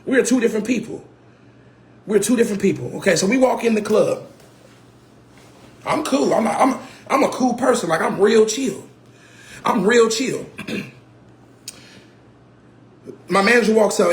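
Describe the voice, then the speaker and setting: A man telling a personal story casually, animated and repetitive, swearing and getting heated. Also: high voice, moderate pace, long pauses. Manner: animated, repeats phrases, swears, grows heated and shouts. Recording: roomy echo.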